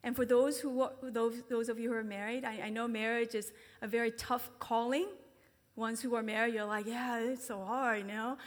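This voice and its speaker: A woman's voice: little pitch movement, a little fast. A woman giving a conversational sermon, acting out quoted voices and dropping to a whisper for emphasis. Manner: conversational, acts out quoted voices with big pitch jumps. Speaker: speaker at a ministry gathering. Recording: long hall reverb.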